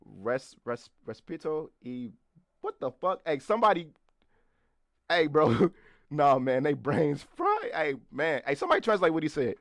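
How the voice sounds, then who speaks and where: A man's voice: on the high side, very animated, moderate pace, creaky, dry recording, clean studio sound. A man in his twenties co-hosting a podcast, chatting loosely and profanely, laughing often and talking to the live chat. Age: 20s. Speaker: podcast co-host. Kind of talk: casual chat.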